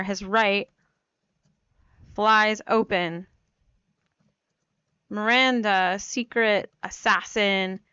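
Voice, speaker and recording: In a relaxed, rambling screen-share tutorial, a writing coach explains her writing method, peppering it with "like" and "um" and poking fun at herself. Though she's recovering from a cold, her voice remains smooth and clear. The dry recording sounds slightly dull up top, as if from a new home mic.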